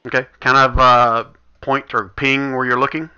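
Bright-voiced man running a game. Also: mid-range voice, flat delivery, normal speed, smooth. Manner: casual, thinks aloud while moving map tokens. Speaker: game master. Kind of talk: running a tabletop game over voice chat. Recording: dull lo-fi voice chat audio.

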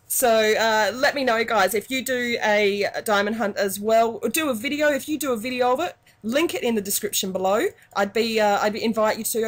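An Australian woman with a slightly high voice talks her viewers through a game. Her commentary is casual and chatty, and she bursts into excited exclamations at what happens on screen. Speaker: gaming YouTuber.

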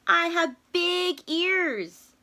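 A woman voicing a gentle young male elephant in a children's storybook read-aloud, who speaks slowly and earnestly in a sorry tone. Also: very high voice, expressive, pitched above the performer's own voice, full character voice. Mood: sad.

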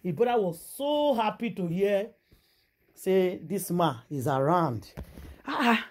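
A woman with a Nigerian accent telling a gossip story in a casual vlog, animated and exclamatory, mixing Pidgin and English. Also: fairly low pitch, unhurried. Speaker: gossip vlogger.

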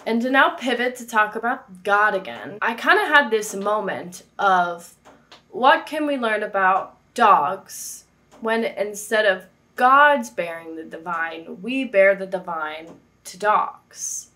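A woman's voice: mid-range voice, lively intonation, takes it slowly, sharp tone. A woman hosting a faith vlog from her apartment, chatting casually with jokey, playful asides. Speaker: faith video host.

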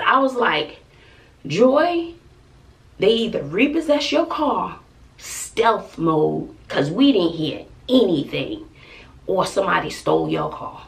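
Woman, middle-aged, storytime vlog, casual slangy talk, gravelly voice with wild pitch swings, a bit far from the mic. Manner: animated retelling, jumps high to act out her own quotes. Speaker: family vlogger.

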